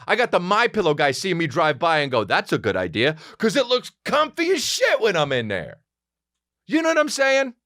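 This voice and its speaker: A man in his thirties, a podcast host, telling a comic story in an animated, profane, exaggerated way. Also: on the high side, no room sound, clean studio sound. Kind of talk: comedic storytelling.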